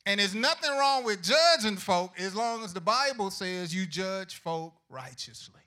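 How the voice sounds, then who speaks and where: High, bright-voiced preaching man. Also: expressive, unhurried. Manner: call-and-response preaching with questions to the congregation; folksy, humorous delivery with acted-out prayers. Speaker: pastor. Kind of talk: sermon to young people.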